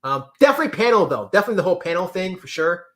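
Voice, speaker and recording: A man hosting a casual livestream, reading chat comments with lively exclamations and repeated words. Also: high voice, very fast. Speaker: livestream host.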